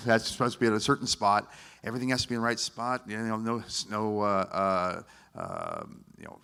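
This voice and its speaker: A man's voice: low-pitched, bright, forceful tone. A man on a convention panel describing a costume process in emphatic, particular detail. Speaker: costumed character performer, panelist. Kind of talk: live panel answer.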